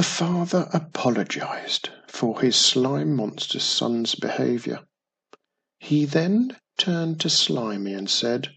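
Casting note: woman reading a children's story slowly, low and husky. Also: low-quality recording. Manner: slow, expressive reading.

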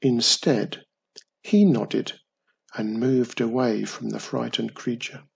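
Slow, gravelly storybook reader. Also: mid-range voice, steady tone, dull audio. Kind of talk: storybook reading.

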